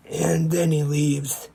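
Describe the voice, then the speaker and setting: Podcast guy walking thru a comedy short bit by bit, gravelly voice, slow. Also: mid-range voice, heavy background noise. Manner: slow, plain play-by-play retelling. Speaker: podcast host. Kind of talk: casual recap of a comedy short.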